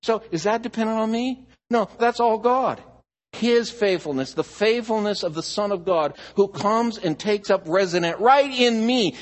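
Animated husky-voiced preacher man. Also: high voice. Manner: animated preaching, rising and dropping to near hush. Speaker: pastor. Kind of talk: sermon.

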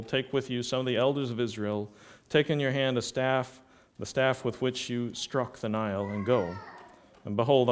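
A man with a medium-pitched voice delivers a sermon, reading passages of scripture aloud and explaining them. He grows louder for emphasis.

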